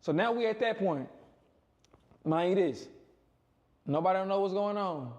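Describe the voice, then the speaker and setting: A man casually telling a long personal story, rambling and repeating himself, with animated quoted voices. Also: moderate pace. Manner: rambling, repetitive, punctuates with "boom" and "right?". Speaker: storyteller in a played clip.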